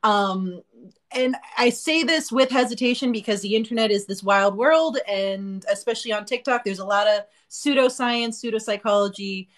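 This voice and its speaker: A woman's voice: fairly high pitch, moderate pace. A woman co-hosting a casual podcast chat, speaking candidly and bluntly, with many fillers and restarts. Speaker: podcast co-host.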